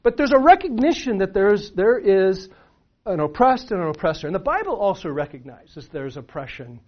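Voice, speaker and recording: A man's voice: sits high, very animated, normal speed. A middle-aged man preaching a sermon in a conversational way, full of restarts and rhetorical questions. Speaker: pastor. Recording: dull lo-fi sound.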